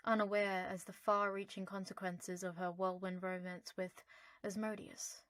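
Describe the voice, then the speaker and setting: A woman narrating an audiobook in a lively, playful storytelling manner. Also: medium pitch, dry recording.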